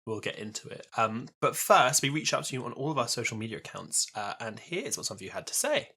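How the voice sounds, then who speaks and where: A young man in his twenties co-hosts a podcast in a loose, chatty way. His voice is bright and forceful, and he pads his talk with fillers and easy laughs. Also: medium pitch, very animated, fast, gravelly, slightly rough. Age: 20s. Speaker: podcast co-host. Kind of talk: casual chat.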